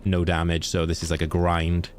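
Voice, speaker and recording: A young Welsh man with a deep, low voice keeps up easy, chatty talk with his stream audience, answering viewers by name and laughing easily. A faint background noise sits under his voice. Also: monotone, moderate pace. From Wales. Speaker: game streamer. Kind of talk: casual live-stream chat.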